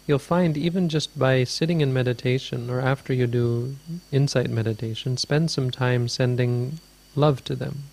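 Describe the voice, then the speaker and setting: A man's voice: medium pitch, moderate pace, vocal fry, hardly any pauses, darkish tone. A man teaching as a Buddhist teacher, answering a question in a dharma talk with meandering, thoughtful storytelling.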